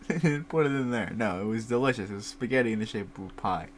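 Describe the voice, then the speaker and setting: A man's voice: fairly low pitch, expressive, fast talker, few pauses. A young man in his twenties hosting a casual solo chat, rambling and laughing often, with casual swearing, on a desk mic at home. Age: 20s. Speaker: podcast host. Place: home recording setup by a computer. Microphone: desk mic set higher, farther from computer.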